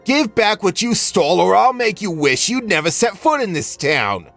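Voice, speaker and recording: A man's voice: high-pitched, sing-song, moderate pace, gravelly, fairly bright tone, soft background music, voice pushed up, full character voice. A man voicing a greedy, bullying merchant who barks threats. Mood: furious.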